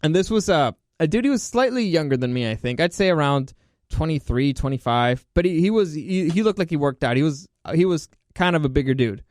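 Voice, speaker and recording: A man's voice: on the high side, animated, a little fast, a little mellow, dry recording, studio quality. A young man hosting a podcast, telling stories in a loose, rambling way and laughing as he goes. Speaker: podcast host. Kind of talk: casual Q&A storytelling.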